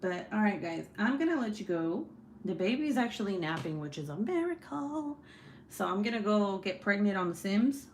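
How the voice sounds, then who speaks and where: A woman's voice: medium pitch, animated, fairly quick, a little hiss or hum. A young woman hosting a casual book club live stream, chatty and often laughing as she reads viewer comments aloud.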